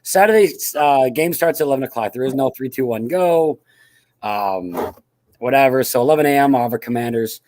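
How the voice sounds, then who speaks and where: A man's voice: mid-range voice, animated, fairly quick, a little mellow, no echo. A man, a guest who owns a playing field, explaining things in an offhand, rambling way on a casual podcast. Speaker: guest, airsoft field owner.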